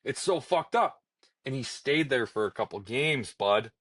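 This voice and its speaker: A young man rants on a casual podcast, swearing often and sounding fed up with his team. His voice sits at an ordinary pitch, and it is recorded close and dry with no room sound. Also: animated, a little slow, a bit bright, breathy edge, dry recording, poor audio. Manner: profane, ranting, exasperated. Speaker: podcast co-host. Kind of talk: casual chat.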